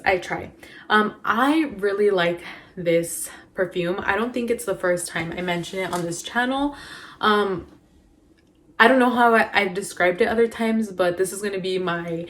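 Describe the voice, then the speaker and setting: A woman's voice: mid-range voice, a bit bright. A woman talking casually to camera as she reviews perfumes, chatty and rambling with lots of fillers. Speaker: beauty vlogger.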